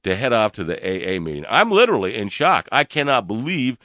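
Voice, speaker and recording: An older man co-hosting a radio talk show, telling a personal story in an animated way with frequent laughs and fillers. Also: lowish voice, fairly quick, no room sound, clean studio sound. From Louisville, Kentucky area. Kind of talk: storytelling in casual chat.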